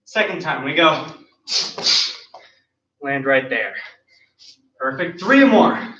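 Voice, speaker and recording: In an online martial arts class, a man with a high, bright voice demonstrates kicks himself while counting each move and calling cues, very animated yet slow. He's out of breath and sounds distant from the mic in a roomy studio with dull audio.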